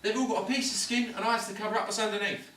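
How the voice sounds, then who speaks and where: A scornful, swaggering London ladies' man lies cynical in a hospital ward, lecturing in slang, played by an actor in amateur stage-style fashion. His voice is high, fairly bright and steady, and quick. The mic is distant, the room echoey, with a little noise.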